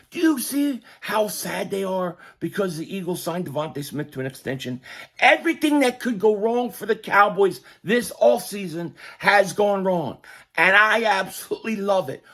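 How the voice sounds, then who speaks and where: A man hosting a fan sports show, ranting excitably and yelling at times, his voice going hoarse. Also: sits high. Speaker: sports podcast host. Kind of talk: fan commentary live stream.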